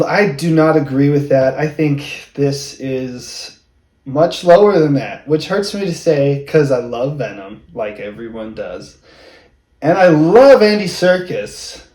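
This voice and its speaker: A man's voice: mid-range voice, a little mellow. Man, movie review co-host, blunt, firm opinions, echoey room. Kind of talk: casual movie review chat. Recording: roomy room sound.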